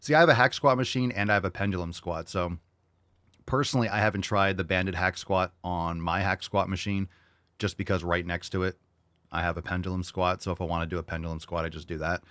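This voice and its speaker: A man's voice: sits low, steady tone, fairly quick, fairly bright tone, no echo. A man hosting a fitness podcast, casually answering listener questions in a blunt, joking way with some swearing.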